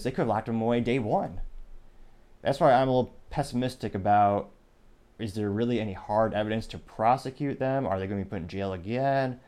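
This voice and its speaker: Young guy riffing on the news, lowish voice, dry sarcastic asides. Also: warm tone. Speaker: podcast host. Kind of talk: opinionated news commentary.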